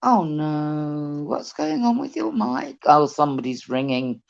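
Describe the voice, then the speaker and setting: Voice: mid-range voice, sing-song, a little slow, vocal fry. A British co-host chatting cheekily on a fishing livestream, telling stories and acting out what other people said. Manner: cheeky, chatty storyteller who acts out voices. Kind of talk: casual chat. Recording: muffled, lo-fi call audio.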